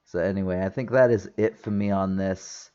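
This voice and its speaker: A man's voice: low-pitched, steady tone, moderate pace, mellow, highs cut off. A man giving a casual spoken movie review, chatty, with frequent laughs and restarted sentences.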